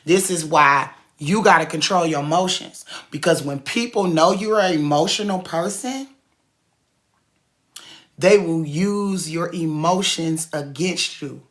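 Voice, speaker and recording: Her voice is on the low side and her pace measured as this cookie business owner and speaker delivers a casual, emphatic motivational talk. She gets preachy, repeating her points in casual slang.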